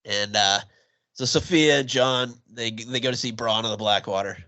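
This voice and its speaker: A man's voice: mid-range voice, pushed and bright, no room sound. A man co-hosting a movie podcast, retelling a film's plot in casual chat and laughing often. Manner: laughs often, quick asides. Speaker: podcast co-host.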